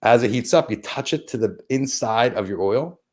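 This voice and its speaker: A man's voice: mid-range voice, expressive, moderate pace. A middle-aged man hosting a casual live stream, rambling as he thanks viewers by name and plugs sponsors. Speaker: host of a live-stream show.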